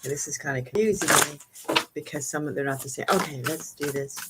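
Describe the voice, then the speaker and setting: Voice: mid-range voice, fast talker, heavy background noise. A spiritual card reader at home, chatting casually through an oracle card reading in a rambling, giggly way with many fillers.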